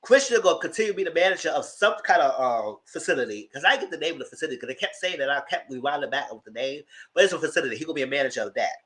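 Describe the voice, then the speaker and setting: Man, casual TV recap chat, bright voice, very lively pitch. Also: racing, hardly any pauses. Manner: animated storytelling, acting out quotes with big pitch jumps. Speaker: TV recap commentator.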